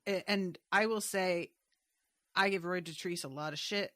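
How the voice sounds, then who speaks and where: A woman's voice: lowish voice, normal speed, fairly bright tone, no room sound, clean studio sound. A woman co-hosting a podcast, giving blunt, opinionated takes with casual swearing. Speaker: podcast co-host. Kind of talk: casual book-discussion podcast chat.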